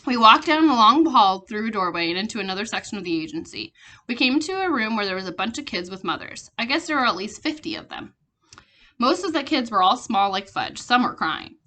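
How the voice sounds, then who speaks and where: A woman reading a children's chapter book aloud, steady with small slips and restarts. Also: mid-range voice, fairly quick. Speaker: reader.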